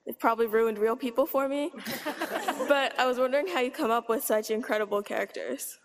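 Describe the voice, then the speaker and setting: A woman's voice: fairly high pitch, fairly quick. A woman in the audience asking a question, hesitant and apologetic.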